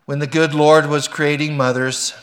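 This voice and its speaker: A male pastor giving a Mother's Day sermon, telling stories with lively energy and praying earnestly. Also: on the high side, normal speed. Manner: lively storytelling, earnest in prayer. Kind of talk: sermon with a read story and prayer.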